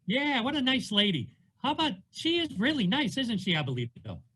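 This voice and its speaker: A man's voice: very high-pitched, wildly swooping pitch, brisk, bright, forceful tone, breathy edge, poor audio. A man hosting an event over a video call, casual and teasing. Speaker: host. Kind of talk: casual emceeing.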